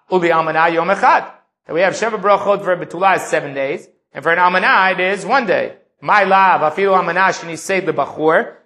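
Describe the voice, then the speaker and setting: A man's voice: high voice, a bit bright. A man giving a Talmud lecture, reading Aramaic lines and explaining them in English. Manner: explanatory, reads Aramaic then translates. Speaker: Talmud teacher.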